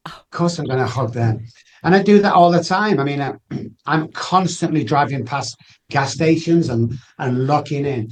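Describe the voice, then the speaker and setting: A man's voice: fairly high pitch, normal speed, a little hiss or hum. A man guesting on a podcast, telling personal stories earnestly and acting out past conversations. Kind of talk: emotional personal storytelling.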